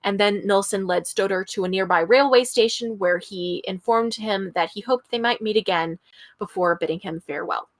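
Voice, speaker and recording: A woman tells a true-crime story to her co-host, reading from notes in a relaxed, conversational way. She stumbles over names now and then and drops in blunt asides between the facts. Her pitch sits in an ordinary middle range. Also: moderate pace. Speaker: podcast co-host.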